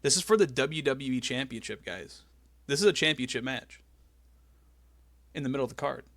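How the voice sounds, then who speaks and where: A man hosting a podcast, excitedly recapping and telling the story in casual chat. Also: mid-range voice, normal speed, dry recording. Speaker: podcast host.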